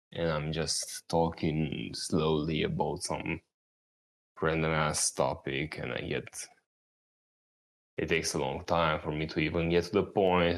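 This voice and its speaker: A young man rambling casually as a vlogger, laid-back and meandering, swearing now and then. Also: sits low. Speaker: YouTuber. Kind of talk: rambling casual vlog talk.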